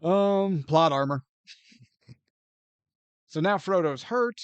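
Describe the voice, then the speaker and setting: A man co-hosting a podcast, chatting casually about a movie in an animated, joking way. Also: sits high, slow pace, clear, resonant tone, dry recording, lo-fi sound. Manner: animated and joking, often laughs and acts out scenes. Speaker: podcast co-host. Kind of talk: casual movie review chat.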